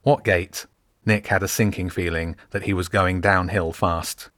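A man reads his own fantasy novel aloud in an unhurried storytelling manner. His voice is very deep. The sound is close and dry, with no room behind it. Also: flat delivery, no echo. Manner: measured, gentle storytelling. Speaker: author and narrator. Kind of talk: scripted audiobook narration.

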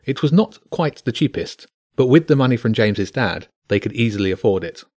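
A man narrating a bedtime story in a steady, measured way. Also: medium pitch, no echo, clean studio sound.

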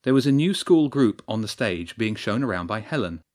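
A man narrating a story in a steady storytelling voice. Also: on the low side, moderate pace. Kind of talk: scripted narration.

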